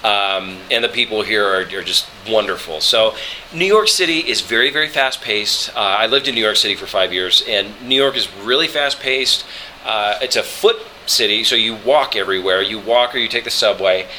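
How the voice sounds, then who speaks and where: A man, a voice actor from Colorado, telling travel stories in a relaxed interview, halting with many fillers and restarts. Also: on the low side, slight background noise, rough recording. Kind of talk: relaxed interview chat, storytelling.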